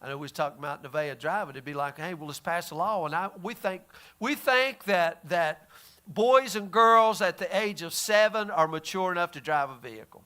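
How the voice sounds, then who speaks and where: Bright, high-voiced folksy pastor man. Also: lively intonation, normal speed, clean tone. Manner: casual, folksy, stammering restarts. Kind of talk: conversational Bible teaching.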